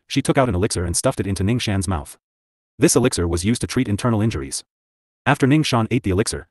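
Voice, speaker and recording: A male narrator reads a fantasy novel with a steady, scripted delivery. His voice sits low and moves at a brisk clip. The sound is close and dry, with no room around it. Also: no room sound. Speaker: audiobook narrator.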